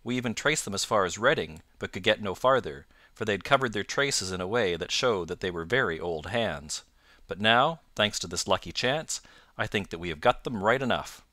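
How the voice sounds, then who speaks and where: A man's voice: lowish voice, animated, moderate pace, pushed and bright, no room sound, studio quality. A man doing a bluff, hearty police inspector. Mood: businesslike. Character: brisk, eager male police inspector. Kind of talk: audiobook narration.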